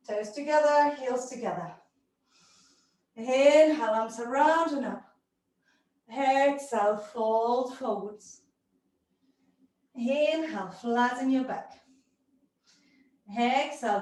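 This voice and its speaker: High-voiced woman leading yoga in an echoey room. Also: a little mellow. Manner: encouraging cues in short commands, breathing and moving while talking. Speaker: yoga teacher. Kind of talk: live yoga class instruction. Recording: very echoey room, distant mic.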